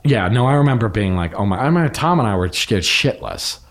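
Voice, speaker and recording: A middle-aged man, an actor, telling stories in a candid, casual conversation, acting out quotes and swearing freely. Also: fast talker. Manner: animated, acts out quotes with big pitch jumps. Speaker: actor, podcast guest.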